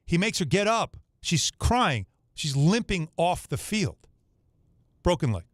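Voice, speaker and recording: Male sports radio co-host, higher pitch, dry studio mic, opinionated and restless. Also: big pitch swings, normal speed, no echo. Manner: opinionated, stumbles into points. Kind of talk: casual sports talk.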